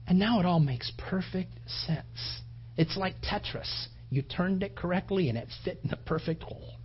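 A man preaching a sermon with passion, his voice rising toward shouts and then dropping low. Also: normal speed, breathy edge, dull audio. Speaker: pastor.

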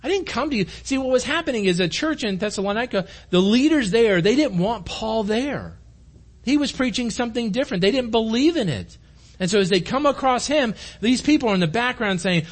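A man's voice: extremely high pitch, expressive, brisk. A man preaching a conversational sermon to his congregation in a church room, earnest and direct. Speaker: pastor.

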